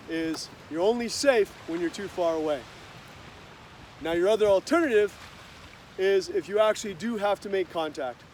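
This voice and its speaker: A man with a high voice leads a martial arts lesson outdoors. He walks through each technique in a calm, upbeat, explanatory way, and a faint hum of noise sits behind him. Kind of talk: instructional talk with demonstration.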